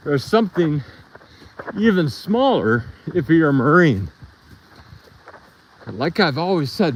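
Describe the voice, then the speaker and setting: Guy rambling through a story on his phone while hiking a river trail with his dogs, a little winded, voice a bit high and jumping all over the place. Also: big pitch swings, slow, long pauses, slight background noise, poor audio. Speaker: live streamer walking his dogs. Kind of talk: casual storytelling while walking.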